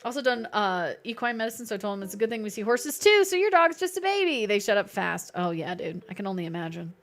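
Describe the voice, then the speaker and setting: A woman's voice: medium pitch, very animated, fast, fairly bright tone, faint music behind. Playful, chatty woman streamer. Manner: chatty, playful, reads chat aloud. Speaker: livestreamer. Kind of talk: casual gameplay chat.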